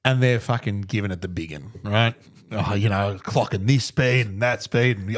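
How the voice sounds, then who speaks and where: A man with a fairly low voice co-hosts a casual podcast. He talks bluntly and swears a lot in easy, jokey banter. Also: moderate pace. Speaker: podcast co-host. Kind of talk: casual chat.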